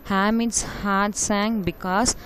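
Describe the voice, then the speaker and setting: A woman's voice: mid-range voice, steady tone, takes it slowly, background noise. A woman teacher with an Indian English accent, explaining a prose lesson line by line and repeating herself in simple words. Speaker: school teacher.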